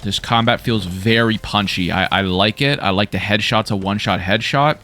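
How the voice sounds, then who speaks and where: A man casually commenting while he plays a game, excitable and quick to swear and react. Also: fairly low pitch, slight background noise. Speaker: gaming YouTuber. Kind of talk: casual let's-play commentary.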